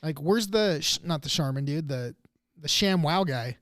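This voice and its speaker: A man's voice: on the high side, expressive, moderate pace, fairly bright tone, dry recording, clean studio sound. A young adult man co-hosting a podcast in casual chat, joking and cursing with frequent laughter. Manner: joking, profane, riffing with a laugh. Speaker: podcast co-host.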